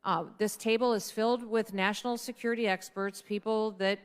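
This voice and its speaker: A middle-aged woman speaks at a dinner event, telling a personal story in a relaxed, conversational way. Her voice is smooth and clean, in a middle register, and she slips into the voices of the people she quotes. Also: medium pitch, brisk. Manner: conversational, acts out quoted dialogue. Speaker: guest speaker at a political dinner. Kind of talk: anecdotal storytelling speech.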